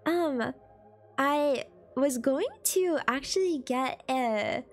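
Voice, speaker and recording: A woman's voice: sits high, slow pace, soft background music. A woman with a stuffy, congested nose, chatting casually and playfully with her live-stream audience, giggling and teasing. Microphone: desk microphone.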